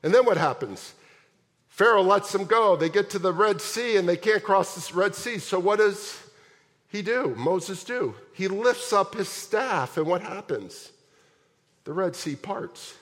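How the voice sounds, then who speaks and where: A male pastor delivers a sermon in a large church, his fairly high voice trailing into a long hall reverb. He retells the story with animated energy, firing rhetorical questions at the congregation. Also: measured pace.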